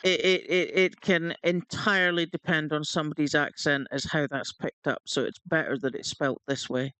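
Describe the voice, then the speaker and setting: A man co-hosting a casual gaming livestream, jokey, reading announcements aloud at a steady pace. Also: a little high, moderate pace, clean tone, no room sound, low-quality recording. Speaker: livestream co-host.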